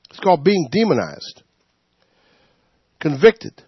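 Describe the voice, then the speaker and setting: A man leading a Bible study, preaching informally in an animated way, laughing and acting out quotes. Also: fairly high pitch, slow pace, slightly rough, dry recording. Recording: dull, muffled sound.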